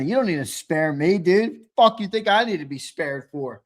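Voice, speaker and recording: Loudmouth sports show guy, swears a lot, roasts his buddies, voice sits a bit high. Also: moderate pace, few pauses. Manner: brash, profane, mocking; loud and animated when ranting. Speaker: sports talk show co-host. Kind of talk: live sports talk stream.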